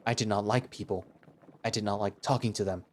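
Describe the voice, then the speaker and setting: A man's voice: lowish voice, steady tone, fairly quick, slight background noise, close to an everyday voice. A man voicing a stern male beast-man warrior who speaks tersely and formally, without contractions. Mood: blunt.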